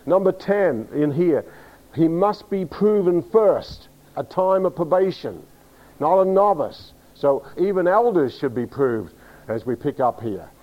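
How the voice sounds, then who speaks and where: A man's voice: on the high side, animated, measured pace, highs cut off. A pastor preaching a teaching sermon, emphatic and direct, often asking his congregation to agree. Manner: emphatic, spells words out, asks the congregation.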